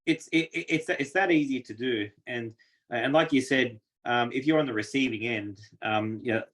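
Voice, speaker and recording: Here an interview guest with an Australian accent spins casual stories at normal speed in a medium-pitched voice. Chatty throughout, he performs the lines of the people he quotes with lively, characterful voices.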